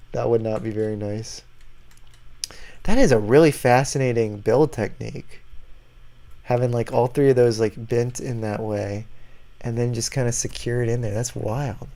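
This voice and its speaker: A man chats casually while hosting a livestream. His voice sits at an ordinary pitch, and he talks loosely and reads viewer comments aloud as he goes. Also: unhurried, long pauses, dark tone. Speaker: livestream host.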